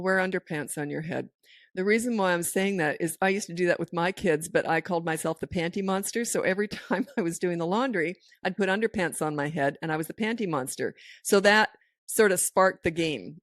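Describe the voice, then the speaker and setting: A woman's voice: lowish voice, no room sound, clean studio sound. A middle-aged woman hosting a parenting podcast, giving advice in a casual, goofy way and laughing often. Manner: goofy, laughs often, acts out voices in stories.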